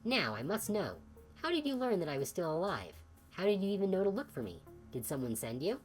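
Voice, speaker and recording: A woman's voice: fairly low pitch, big pitch swings, faint music behind, pitched above the performer's own voice. A woman reading a gaunt, stern old doctor. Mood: grave. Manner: formal, measured and stern. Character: gaunt, sickly older male scientist, formal and cold. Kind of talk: video game dialogue read aloud.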